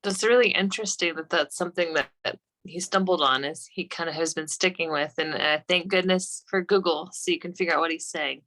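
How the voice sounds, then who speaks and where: A woman's voice: on the low side, a little fast. A woman hosting a casual interview podcast, asking questions and giving short affirming replies. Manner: warm affirming listener with short backchannels. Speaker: podcast host.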